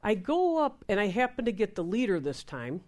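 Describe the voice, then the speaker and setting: Woman telling a lively faith testimony. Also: mid-range voice, brisk. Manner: lively, acts out dialogue in quoted voices. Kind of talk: testimony storytelling.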